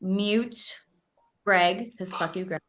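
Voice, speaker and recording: A woman's voice: medium pitch, takes it slowly, very noisy. A woman guest on a casual stream, playful and teasing. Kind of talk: casual livestream banter.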